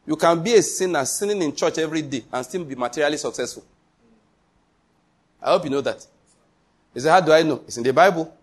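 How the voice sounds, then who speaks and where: A man's voice: on the high side, brisk, long pauses, breathy edge. A man preaching a sermon as pastor, emphatic, full of repetition and rhetorical questions.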